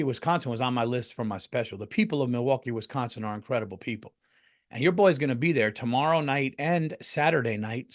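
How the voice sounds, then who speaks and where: A middle-aged man hosting a comedy podcast, telling stories in a casual, animated way, swearing freely and jumping into loud acted-out quotes. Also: mid-range voice, creaky.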